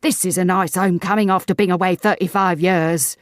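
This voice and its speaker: A woman voicing a gruff, stern old sailor who talks loudly and commandingly. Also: fairly low pitch, fairly even intonation, fairly quick, no room sound, clean studio sound, voice pushed up, lightly acted. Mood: blustering. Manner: loud, commanding, blustering.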